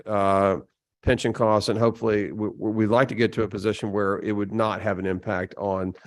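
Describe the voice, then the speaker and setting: Man chairing a committee, halting delivery. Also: on the low side. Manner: halting, many fillers and restarts. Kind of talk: formal committee proceedings.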